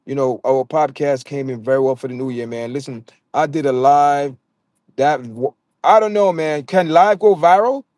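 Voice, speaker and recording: A man's voice: medium pitch, moderate pace, a little mellow, no room sound, studio quality. A man with a Jamaican accent hosting a casual livestream, talking straight to his chat viewers and often stammering and repeating words. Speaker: livestream host.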